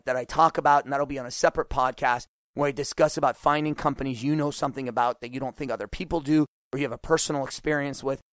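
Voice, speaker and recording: A man in middle age, host of a solo money podcast, with a fairly high voice. He talks with lively, animated energy, coaching his listeners directly. The sound is dry and close, with no room around it. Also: dry recording.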